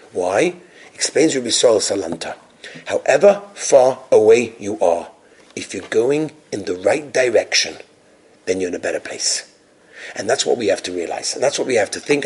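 Fairly low and slightly breathy, this man's voice belongs to a religious lecturer. His talk is built on lively storytelling, and he performs each character as he goes.

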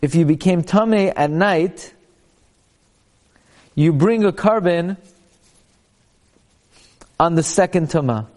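A man's voice: a little high, animated, takes it slowly, pauses often, darkish tone. A man teaching a Talmud class. He chants passages aloud and then explains them in plain English.

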